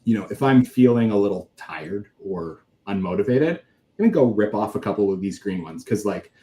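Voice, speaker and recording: A man in his thirties, a guest in a casual interview, talking in a relaxed, rambling way full of filler words. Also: fairly low pitch, normal speed.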